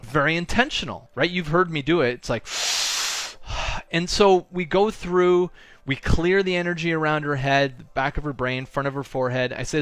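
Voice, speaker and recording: Man telling an animated personal story. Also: a little high, no echo. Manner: animated storyteller acting out dialogue; frequent fillers like "like" and "right?". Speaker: spiritual coach and channel host. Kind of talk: casual storytelling monologue.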